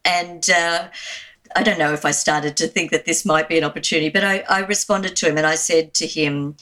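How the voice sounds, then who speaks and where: A woman's voice: on the low side, moderate pace. An Australian woman, an Anglican minister, recounting a personal story in an interview with frequent fillers. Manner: warm anecdotal retelling with fillers.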